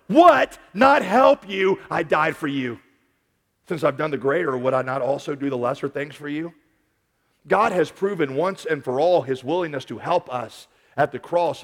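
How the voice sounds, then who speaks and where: A man preaching a sermon as a pastor, animated, repeating words and swinging between quiet stretches and loud peaks. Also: medium pitch. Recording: long hall reverb.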